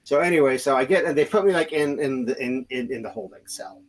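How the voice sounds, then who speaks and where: A man's voice: medium pitch, fast talker, low-quality recording. A man hosting a podcast, telling a story casually with lots of restarts and fillers. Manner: rambling, many restarts and fillers, acts out quoted voices. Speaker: podcast host.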